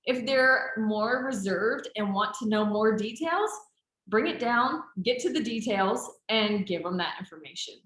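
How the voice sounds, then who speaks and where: A woman's voice: fairly high pitch, expressive, unhurried, a bit bright. A woman trainer chatting casually, talkative and encouraging as she answers team questions. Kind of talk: casual group chat. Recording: roomy echo.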